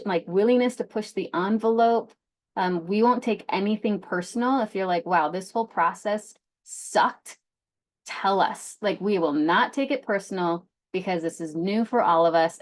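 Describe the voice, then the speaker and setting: A woman leading a grant information session, speaking casually with frequent fillers. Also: lowish voice. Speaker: grant program presenter.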